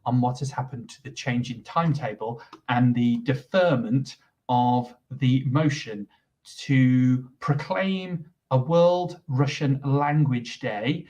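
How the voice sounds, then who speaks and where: A man's voice: mid-range voice, takes it slowly, dark tone. Man commentating a livestream, distant mic. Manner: explanatory, filling time while waiting. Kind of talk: live event commentary.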